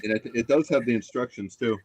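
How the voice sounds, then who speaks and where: A man's voice: medium pitch, fast talker, a little mellow, husky, poor audio. A man in his fifties, a guest on a video call, easygoing and brief. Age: 50s.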